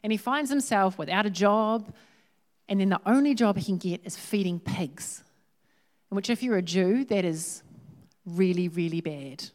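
A woman who preaches a sermon in a lively, humorous, conversational way. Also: mid-range voice, unhurried.

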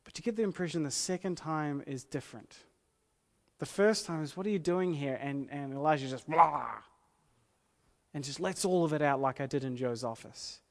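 Man, pastor, sermon, earnest, emphatic, slightly high voice, long hall reverb. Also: a little mellow. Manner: earnest, emphatic, repeats key phrases slowly.

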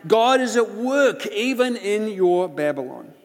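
A man preaching a sermon, telling a personal story with passion, swinging between loud outbursts and hushed prayer. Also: high voice, sing-song, a little slow. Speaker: pastor. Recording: long hall reverb.

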